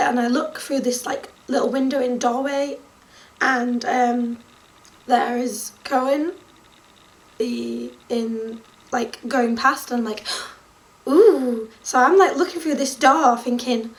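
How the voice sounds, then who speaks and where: A young woman with a high voice recounts her story straight to camera. She gushes and talks in quick bursts, often slipping into laughter and squeals. Her telling has the feel of a casual vlog. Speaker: vlogger.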